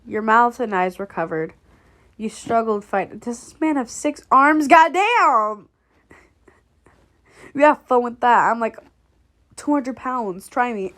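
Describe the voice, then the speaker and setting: A young woman casually reading a fan story aloud, laughing often, swearing and breaking off to react. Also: mid-range voice. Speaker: fanfic reader.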